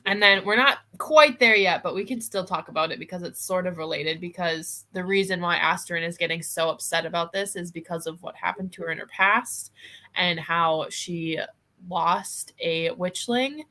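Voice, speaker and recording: A woman's voice: fairly low pitch, moderate pace, pushed and bright. A young woman hosting a casual book discussion, recapping the plot in a chatty way. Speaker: host.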